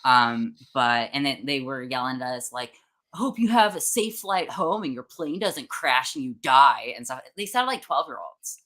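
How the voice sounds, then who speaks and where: A woman's voice: a bass voice, big pitch swings, moderate pace, fairly bright tone. A young woman hosting a casual conversation, a chatty storyteller who laughs often and mimics other people's voices. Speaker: host.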